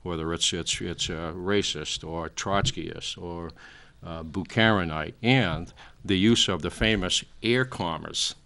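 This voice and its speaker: A man's voice: low-pitched, unhurried, gravelly, hardly any pauses, bright, forceful tone. A man in his sixties, a talk show guest, lecturing at length in a rambling way with many fillers. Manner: frequent fillers, trailing off.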